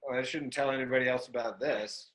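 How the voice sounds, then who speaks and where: Bright-voiced playful man running a workshop. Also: medium pitch, fairly even intonation, brisk, low-quality recording. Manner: loose and playful, bursts into whoops. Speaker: class facilitator. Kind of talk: live workshop facilitation. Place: room with an audience.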